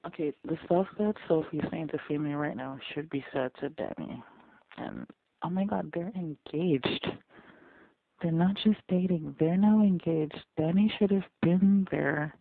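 Gravelly-voiced man reacting over a phone-like line. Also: fairly high pitch, a little slow, dry recording. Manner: animated, exclaiming, repeats phrases. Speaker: reaction video host. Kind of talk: live audio reaction commentary. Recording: phone-like dry audio.

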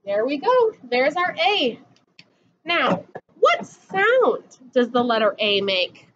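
A woman's voice: high-pitched, very animated, takes it slowly, fairly bright tone, dull audio, a little hiss or hum. A woman teacher giving a patient, sing-song phonics lesson to young children, drawing out each sound.

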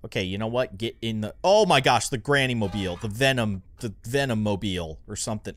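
Excitable young man with lively delivery. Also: mid-range voice, moderate pace. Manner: rambling, excitable, easily spooked. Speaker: gaming channel host. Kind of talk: let's play commentary.

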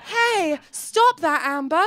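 A woman voicing a chirpy, perfect, sporty schoolgirl who makes bright, earnest, slow self-introductions during a stand-up set. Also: very high voice, expressive, heavy background noise, pitched above the performer's own voice, exaggerated voice.

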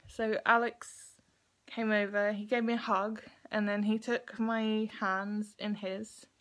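A young woman talking to camera in a personal vlog, emotional and crying, with halting restarts. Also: medium pitch, a bit bright. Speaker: vlogger. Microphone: phone or webcam recording.

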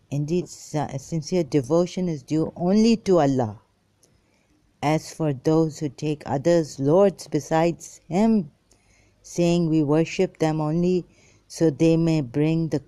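A woman's voice: deep voice, mellow, no room sound. A woman giving an informal, rambling religious talk, reading verses aloud and commenting on them with many fillers and restarts.

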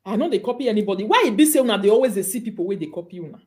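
A woman's voice: medium pitch, lively intonation, racing, few pauses, a little mellow. A woman with a Nigerian accent ranting on a live video, mocking and scolding her targets. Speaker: online commentator.

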